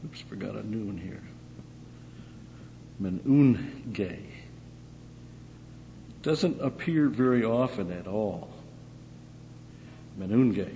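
A man with a lowish voice teaches scripture verse by verse in an easy, talkative way, often posing a question and answering it himself. The sound is dull and lo-fi. His voice rings through a large hall with a long echo. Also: drawn-out words, pauses often, mellow, a little hiss or hum. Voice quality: conversational, asks and answers own questions. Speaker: Bible teacher.

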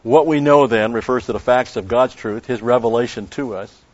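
A male preacher gives an expository Bible lesson in a mid-pitched voice. He is emphatic, repeats key phrases and draws out Greek terms slowly. The recording sounds dull and lo-fi.

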